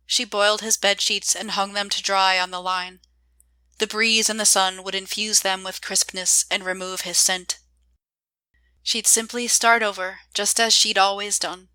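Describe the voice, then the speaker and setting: A woman reading her own short story aloud in a measured, calm way. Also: medium pitch, clean tone, no echo. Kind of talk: scripted narration.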